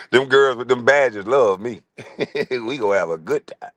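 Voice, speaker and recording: A middle-aged man streaming a profane comic rant, crude, loud and laughing often. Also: medium pitch, takes it slowly, no echo.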